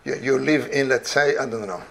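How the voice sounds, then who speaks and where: A man's voice: medium pitch, a little fast, creaky. A man teaching a halachic study class, rambling and weaving Hebrew and Yiddish terms into his explanations.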